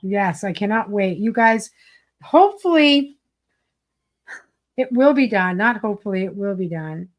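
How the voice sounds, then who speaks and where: A woman co-host chats casually and playfully, teasing her partner. Her voice sits at a middle pitch and sounds easy and relaxed. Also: normal speed, few pauses, dull audio. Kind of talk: casual livestream chat.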